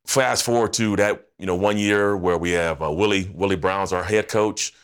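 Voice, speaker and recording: A man in his fifties, a former football player, telling stories as a guest on a podcast in an animated, laughing, slangy way. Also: low voice, normal speed, clean tone. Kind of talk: casual podcast storytelling.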